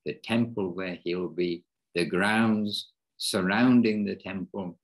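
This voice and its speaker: A man hosting an informal devotional class online, speaking haltingly and rephrasing himself mid-sentence. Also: sits low, poor audio. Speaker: class host.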